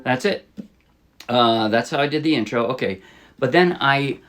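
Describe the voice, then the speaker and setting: A man teaching a ukulele song in a relaxed, casual way, thinking aloud and correcting himself as he plays. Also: medium pitch, moderate pace, loud music behind the voice. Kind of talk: casual instructional talk. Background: ukulele playing.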